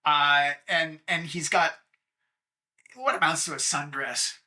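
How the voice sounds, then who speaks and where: Bright-voiced male game master. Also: on the high side, slow. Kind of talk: narrating a tabletop game.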